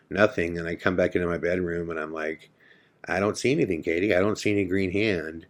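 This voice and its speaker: A man hosting a podcast, telling a personal ghost story casually and acting out the dialogue. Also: deep voice. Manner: casual storytelling, acts out quoted dialogue, frequent "I'm like". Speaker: podcast host.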